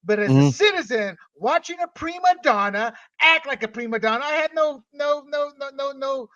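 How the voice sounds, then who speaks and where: Man, podcast host, blunt, mocking, high voice, muffled mic. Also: very animated, moderate pace, pushed and bright, dry recording, far from the mic. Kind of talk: casual panel discussion.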